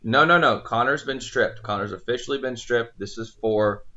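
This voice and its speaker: A man's voice: mid-range voice, moderate pace, pushed and bright, lo-fi sound. A man co-hosting a casual podcast chat about fights, talking animatedly and acting out fighters' lines. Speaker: podcast co-host.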